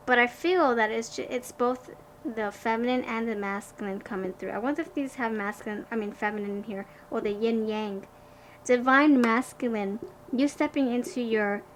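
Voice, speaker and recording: A woman with a slightly high voice gives a pick-a-card tarot reading. She gushes with excitement, tripping over and restarting her words. For advice she drops to a slow, hushed, soothing tone. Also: a little hiss or hum, rough recording.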